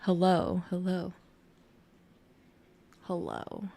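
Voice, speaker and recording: Slow-talking playful young woman, gravelly. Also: lowish voice, wildly swooping pitch, warm tone. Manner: playful, giggly, testing her mic. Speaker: podcast co-host. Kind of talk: casual chat. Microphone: headset or desk mic with headphones.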